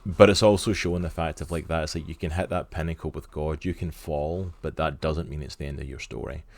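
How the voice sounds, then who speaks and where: A man's voice: rumbling low, steady tone, fairly quick, creaky, a little mellow, no echo. A Scottish man co-hosting an interview, talking earnestly in a rambling way with lots of fillers. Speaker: podcast co-host. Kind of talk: casual interview chat.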